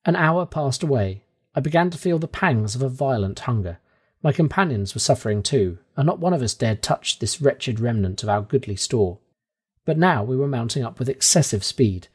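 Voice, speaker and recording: Husky-voiced man narrating an audiobook. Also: mid-range voice. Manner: calm, measured storytelling. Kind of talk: scripted narration of a classic novel.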